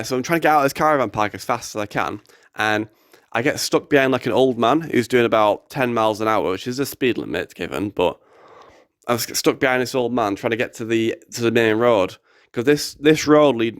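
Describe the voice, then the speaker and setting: Young man, animated storytelling, swearing a lot, middle pitch, dry close sound. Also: clean tone, dry recording. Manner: animated, swearing, acts out quotes. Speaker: activist telling a story. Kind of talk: casual storytelling.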